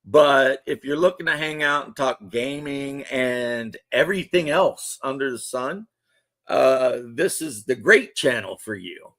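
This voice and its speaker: A man's voice: mid-range voice, animated, unhurried, a bit bright. A man in his thirties hosting a livestream, chatting loosely and joking with viewers. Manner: loose, rambling, joking banter. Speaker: livestream host. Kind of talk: casual chat to stream viewers.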